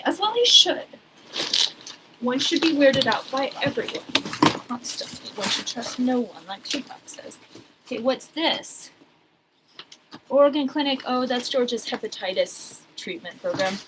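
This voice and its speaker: A woman's voice: sits high, a bit bright, a little hiss or hum, poor audio. Chatty woman sorting old papers. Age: 40s. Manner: rambling, chatty, wry asides. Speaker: vlogger. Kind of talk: casual chat while sorting old papers.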